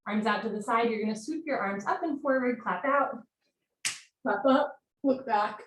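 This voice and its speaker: A young woman leads a live yoga class, firing off brisk step-by-step cues in a slightly high voice and getting breathy as she moves through the poses herself. She sounds set back from the mic in a roomy space, with a faint hiss underneath. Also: recorded from a distance. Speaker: yoga teacher. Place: room at home, live video call.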